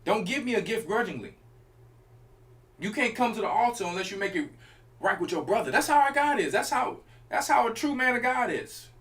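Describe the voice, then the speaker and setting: A man's voice: sits high, lively intonation, fairly quick, a bit bright. A man preaching as a church elder, teaching an informal sermon in an emphatic, colloquial way and speaking straight to his listeners.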